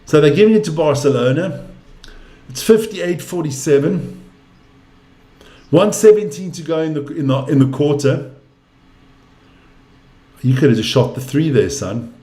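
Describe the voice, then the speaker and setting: A man's voice: fairly high pitch, animated, measured pace, long pauses, warm tone. Ranting man in an echoey room. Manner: exasperated, ranting, swears freely. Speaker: live-stream basketball commentator. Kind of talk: casual profane live commentary.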